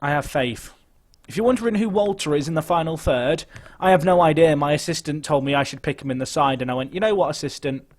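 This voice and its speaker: Excitable man streaming a game. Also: on the high side, brisk. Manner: chatty, excitable, swings between nervous muttering and shouting. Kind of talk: live gaming commentary.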